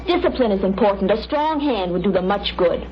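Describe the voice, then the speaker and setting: An actress playing a scornful, bigoted social worker in an old educational film, speaking in clipped, contemptuous, lecturing tones. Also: female voice, medium pitch, animated, a little fast, natural voice. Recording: dull old film soundtrack with hiss.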